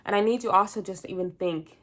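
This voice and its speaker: A woman's voice: mid-range voice, brisk, fairly bright tone. A young woman hosting a podcast, talking in a rambling, candid solo chat as if on the phone with a friend. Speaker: podcast host.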